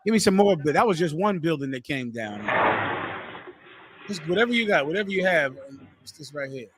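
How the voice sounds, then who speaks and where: A man hosting a talk show, giving forceful preaching commentary and repeating phrases for emphasis. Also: fairly high pitch, sing-song, a little fast, very noisy. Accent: American.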